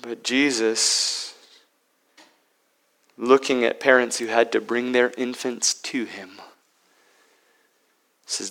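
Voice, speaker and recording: A man preaching a sermon as pastor, swinging between loud emphatic peaks and hushed, near-whispered lines. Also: mid-range voice, steady tone, slow pace, long pauses, poor audio.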